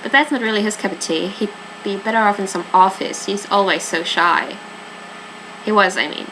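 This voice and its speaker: A woman's voice: mid-range voice, normal speed, background noise, lightly acted. A woman reading a curt, defensive nightclub worker. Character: young woman working in a nightclub, defensive, sharp-tongued.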